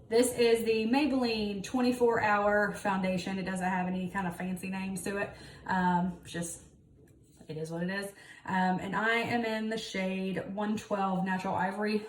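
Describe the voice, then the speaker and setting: A woman's voice: mid-range voice, a little mellow, slight background noise. A woman chatting bluntly and swearing freely while doing her makeup. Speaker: beauty vlogger. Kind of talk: casual makeup tutorial chat. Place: home room with rain outside. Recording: roomy, distant camera audio.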